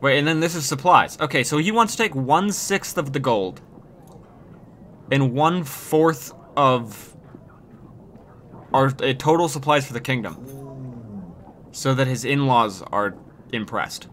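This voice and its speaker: A man's voice: medium pitch, unhurried, long pauses, fairly bright tone, a little hiss or hum. A man streaming a game, chatting casually, joking, swearing and reading game text aloud. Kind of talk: casual gameplay commentary.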